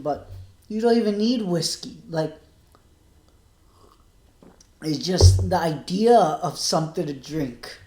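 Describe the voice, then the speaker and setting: A man talking quietly to the camera in a personal video diary, halting and subdued, with many pauses and restarts. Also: on the high side. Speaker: vlogger. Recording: echoey room.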